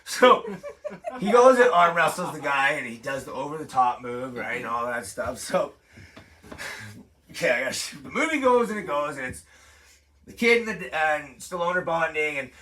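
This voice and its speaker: A man's voice: on the high side, sing-song, normal speed, sharp tone. A man performing a stand-up comedy set in a living room, retelling a story in a profane, rambling way full of asides. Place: living room with a home-built stage.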